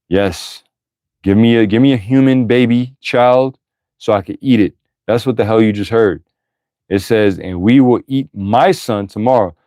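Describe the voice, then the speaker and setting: A man's voice: lowish voice, mellow, no echo. A man reading scripture aloud and breaking off into blunt, profane, emphatic commentary, with bursts of laughter. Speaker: Bible teacher.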